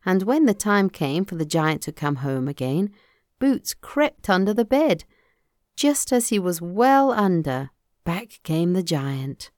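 A woman reading a folktale aloud in a measured, expressive manner. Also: lowish voice, no echo, clean studio sound. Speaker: storyteller.

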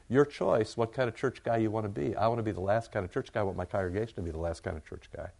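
A man's voice: on the low side, quick pace, few pauses, darkish tone. A man pastor giving a conversational, emphatic sermon, with asides to his congregation.

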